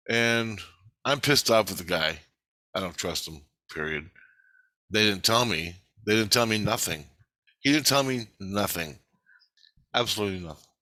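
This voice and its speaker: A man's voice: on the low side, pushed and bright, dry recording. A man telling a long, rambling story in casual, blunt talk full of swearing. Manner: blunt, profane, loose. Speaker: vlogger recounting a dream.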